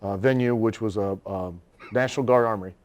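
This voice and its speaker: A middle-aged man, a wrestler, telling a long anecdote in a casual interview, animated and laughing often. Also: fairly low pitch, brisk.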